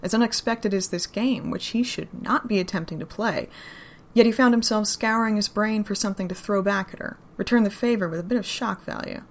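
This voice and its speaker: A woman narrating a romantic story in an expressive, intimate reading. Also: medium pitch, a little fast. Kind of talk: fan fiction reading.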